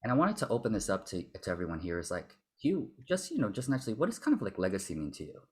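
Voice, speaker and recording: A man leads a workshop as a vocal confidence coach. His voice is low and husky. He speaks in an animated way and acts out voices to show what he means. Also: rapid-fire. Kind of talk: workshop talk.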